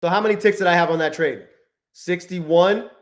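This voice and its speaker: A man with a fairly high voice narrates his trades live, swearing in nearly every sentence. He mutters low and bitter, then flares into shouting when a trade turns on him. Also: normal speed. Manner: profane, swings between muttering and shouting at the chart. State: frustrated and angry. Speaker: livestreaming futures trader. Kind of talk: live-stream trading commentary.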